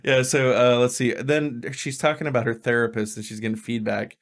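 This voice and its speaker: A man's voice: mid-range voice, fairly even intonation, a little fast. Laughing man in casual chat. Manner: laughs often, rambling, swears. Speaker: podcast co-host; filmmaker.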